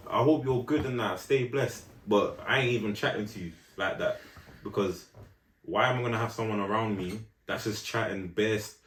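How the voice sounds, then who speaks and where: A man's voice: fairly low pitch, normal speed, echoey room, a little hiss or hum. A young man telling a story in casual podcast chat, full of slang and "do you know what I'm saying" asides. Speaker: podcast co-host.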